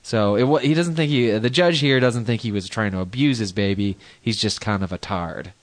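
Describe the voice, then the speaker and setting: A man's voice: on the low side, moderate pace. A man co-hosting a crude comedy podcast, chatting casually, laughing often and reading listener mail aloud with mock emphasis. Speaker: podcast co-host.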